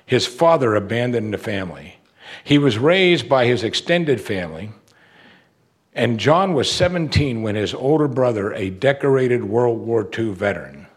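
A man preaching a sermon, earnest and emphatic, pushing his voice up on key words. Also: fairly low pitch.

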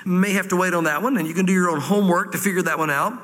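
A man's voice: high voice, racing, a bit bright, big-room sound. A man with a Southern American accent preaching a verse-by-verse sermon to a congregation, reading scripture and then explaining it with folksy asides. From Southwest Virginia, US. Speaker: pastor. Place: church room with audience.

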